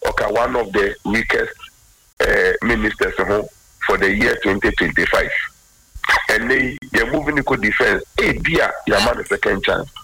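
A man's voice: lowish voice, moderate pace, bright, forceful tone, husky, rough recording. A man commenting on current affairs in a radio talk discussion, switching between Twi and English and stating firm opinions.

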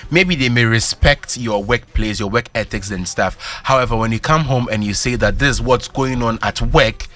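A man with a Ghanaian accent giving earnest, measured life advice on a radio show. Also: mid-range voice, fairly bright tone. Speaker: guest giving life tips.

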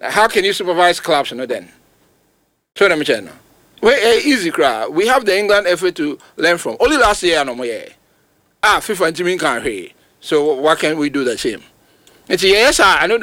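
Ghanaian guy ranting about football on radio, kinda high voice, dry close sound. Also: no echo. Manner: emphatic, animated, rising to sudden high outbursts. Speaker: football pundit. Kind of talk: radio sports talk, mixing Twi and English.

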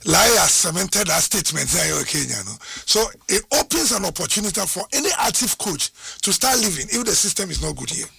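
Sports talk cohost, high gravelly voice, lively, backs the other guy up. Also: fairly quick, few pauses.

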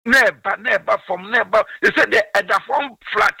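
Impassioned older Ghanaian caller, high and gravelly. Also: male voice, moderate pace, pushed and bright, no echo, distant mic. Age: 60s. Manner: impassioned, mixes languages. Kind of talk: phone-in call on a sports radio show.

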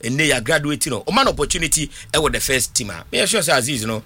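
A man co-hosting a casual sports chat with calm, short replies. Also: medium pitch, fast talker, slightly rough, dry recording.

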